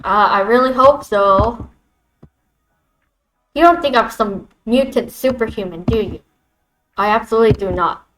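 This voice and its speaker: A woman's voice: on the high side, measured pace, long pauses, fairly bright tone, faint music behind, rough recording. A woman streaming a visual novel, reading its lines aloud and reacting to them in a playful, teasing way.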